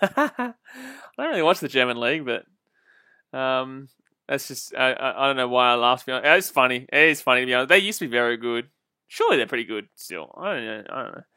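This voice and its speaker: Bright-voiced man streaming football. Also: medium pitch, fast, clear, resonant tone, dry recording, clean studio sound. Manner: chatty, laughs often, swears casually. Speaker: livestream football watch-along host. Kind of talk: casual live commentary reading chat.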